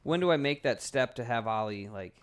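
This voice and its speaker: Lively chatty dad co-host. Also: male voice, mid-range voice, brisk, clean tone. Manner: agreeable, stammers and restarts. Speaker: podcast co-host. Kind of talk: casual chat.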